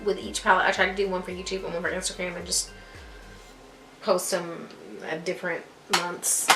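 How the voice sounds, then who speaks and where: A woman's voice: medium pitch, fairly bright tone. A young adult woman chatting casually to camera as a beauty vlogger, rambling and laughing at herself. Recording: echoey room with faint music.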